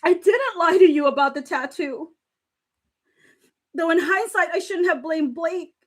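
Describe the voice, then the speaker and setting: A woman's voice: extremely high pitch, a little slow. A woman on a live stream reading text messages aloud and reacting, often laughing and close to tears. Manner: emotional, laughing and near tears while reading. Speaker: livestream commentator. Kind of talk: casual live commentary reading texts aloud.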